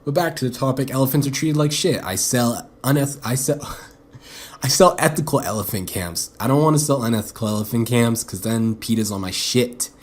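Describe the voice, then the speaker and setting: A man's voice: mid-range voice, normal speed. A young man hosting his own podcast alone, rambling off the cuff and swearing freely. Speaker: podcast host. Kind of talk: casual solo podcast monologue.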